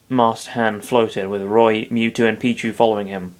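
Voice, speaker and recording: A man's voice: on the low side, level tone, moderate pace. A man casually reading a fan story aloud, breaking off into mumbled, rambling asides full of swearing. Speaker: reader.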